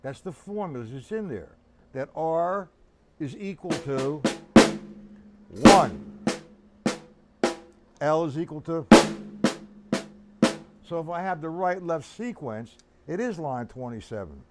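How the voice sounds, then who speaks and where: A man's voice: on the high side, lively intonation, takes it slowly, pauses often, loud music behind the voice. An older man teaching a live-streamed drum lesson, chatty and instructive, calling on viewers by name, with drumming behind him.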